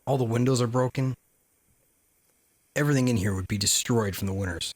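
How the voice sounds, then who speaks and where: A man's voice: medium pitch, fairly quick, a little mellow. A man hosting a travel vlog, talking casually with wry, candid asides. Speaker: travel vlogger.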